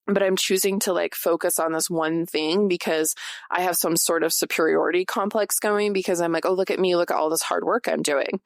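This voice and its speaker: Speaking to her listeners in a chatty, confessional way, a woman in her forties hosts a podcast and fills her talk with "like." Her voice is fairly low, steady in tone, brisk and creaky. The sound is studio quality with no room sound.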